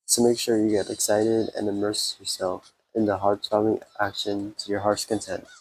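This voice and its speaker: A man streaming a game, reading its text aloud in a subdued way and breaking off for quick comments. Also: on the low side, flat delivery, poor audio.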